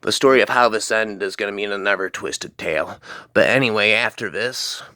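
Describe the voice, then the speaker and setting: Rambling low-voiced male storyteller. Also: a little fast, pushed and bright, no echo. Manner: rambling, full of "man" and "freaking". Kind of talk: rambling spoken anecdote.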